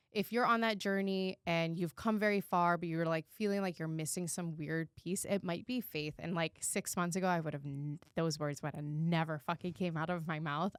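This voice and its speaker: Lady podcast cohost chatting, lowish smooth voice, swears a lot, super animated. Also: dry recording, studio quality. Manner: animated and candid, swears freely. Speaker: podcast co-host. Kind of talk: casual storytelling chat.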